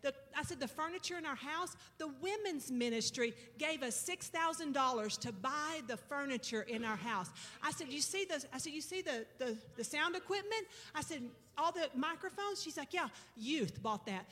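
A woman's voice: sits high, lively intonation, normal speed, few pauses, pushed and bright. A woman preaching a sermon and telling a missionary story in a folksy, conversational way, drawing out words for emphasis. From Arkansas. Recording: reverberant church hall.

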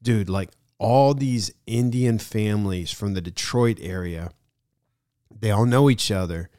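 A middle-aged man hosting his podcast, telling a vacation story in a casual, excited way and calling the listener "dude" a lot. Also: on the low side, measured pace, no room sound, clean studio sound. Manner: excited, slangy, keeps saying "dude". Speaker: podcast host.

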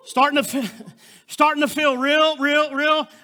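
High, bright-voiced fervent male preacher. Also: flat delivery, unhurried. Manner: fervent, exclamatory preaching with frequent interjections. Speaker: guest preacher. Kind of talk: sermon.

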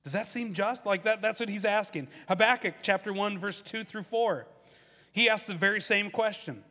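A man's voice: normal speed, pushed and bright, in a large hall. A man preaching a sermon as a pastor, talking in a conversational way and acting out the questions of the people he quotes. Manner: conversational preaching, acts out voices of questioners with rising pitch.

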